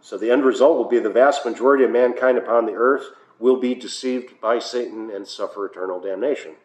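A man's voice: medium pitch, fairly quick, darkish tone. An American man, a pastor, leading a Bible study in a conversational way, with filler uhs and wry asides. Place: church hall. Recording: echoey room, faint noise.

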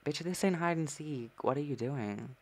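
A man's voice: a little high, moderate pace. A man giving sassy, chatty gameplay commentary as a streamer, breaking into sudden squeals of surprise. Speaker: gaming streamer.

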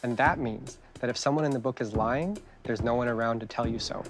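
A middle-aged man reading his children's book aloud to kids, chatty and gentle, stopping to ask them questions. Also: medium pitch, a little fast, music in the background.

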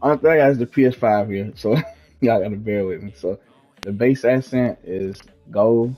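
The young walkthrough host speaks in a lowish, mellow voice at a moderate pace, at home in his fiancée's house. His casual, slangy commentary often fades off mid-thought.

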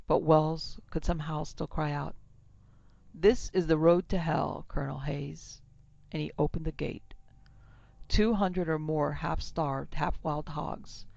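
A woman narrating a classic horror story in a steady, measured, dramatic way. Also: low voice, creaky. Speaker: narrator and producer. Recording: slightly dull lo-fi with music.

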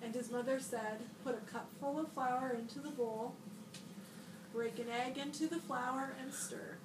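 Woman librarian reading a children's storybook aloud, high voice, expressive, a bit off-mic in an echoey room with noise behind. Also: unhurried, far from the mic. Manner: expressive storybook reading, bright shouts for the boy's lines. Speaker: school librarian.

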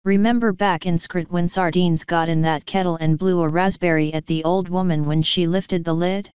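A woman's voice: fairly low pitch, steady tone, darkish tone, smooth, no room sound, muffled recording, natural voice. Maurice, a sly scheming tomcat, voiced by a woman. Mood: grumbling. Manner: wheedling, scheming, talks quickly in asides. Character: sly, smooth-talking male tomcat schemer. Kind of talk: audiobook character voice.

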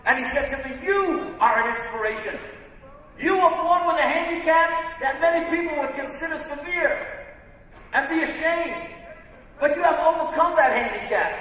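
A man voicing a grateful male gas station attendant in a story, talking loud and pleading. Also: very high-pitched, pitched above the performer's own voice. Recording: echoey hall from far off.

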